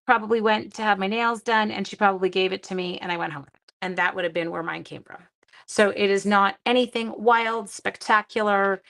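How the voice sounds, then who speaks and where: A seventh-grade teacher chats through a live-stream card-making demo, her voice a little high and a bit bright. She mocks herself and talks to herself as she works.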